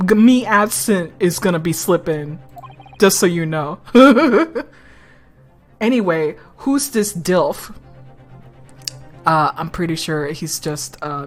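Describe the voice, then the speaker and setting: A woman's voice: on the low side, slow pace, long pauses, soft background music. A woman streamer giving casual, joking let's-play commentary over game audio. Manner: giggly, joking, animated. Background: game soundtrack.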